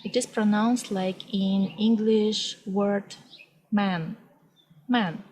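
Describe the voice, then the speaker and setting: A young woman with a Russian accent, a native Russian speaker, teaching the alphabet in a vlog lesson. She speaks slowly and carefully, saying each example word twice, and records outdoors. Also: mid-range voice, fairly even intonation, a little mellow, low-quality recording. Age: young adult. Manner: slow and deliberate, repeats each word. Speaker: language teacher. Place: outdoors on a hot day.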